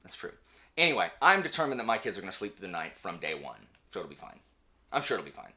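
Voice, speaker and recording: Young man, casual chat host, lively swooping voice, bright tone, ranting asides. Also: sits low. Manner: animated, ranting, quick asides. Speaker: channel host; teacher.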